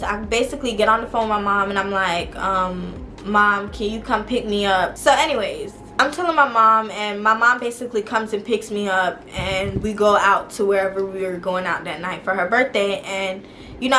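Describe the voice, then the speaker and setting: A young woman vlogger telling a personal story in a casual, animated way, talking straight to her viewers. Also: medium pitch, a little hiss or hum.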